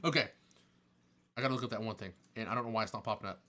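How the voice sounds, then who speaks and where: Bright-voiced excitable man answering chat. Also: on the low side, rapid-fire. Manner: chatty, excitable, jokes and laughs often. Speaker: streamer answering chat questions. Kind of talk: casual live-stream Q&A.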